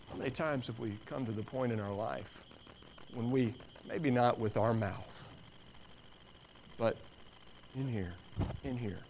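A male preacher delivering a sermon at a medium pitch. He presses his points by repeating phrases. His voice drops low and quiet, then climbs into loud, dramatic stretches. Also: measured pace, vocal fry, long pauses, slight background noise. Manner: emphatic, repeating phrases for stress.

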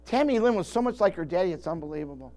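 A man's voice: high-pitched, animated, racing, darkish tone. An older man preaching a sermon in a folksy, rambling way, often restarting his sentences. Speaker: pastor.

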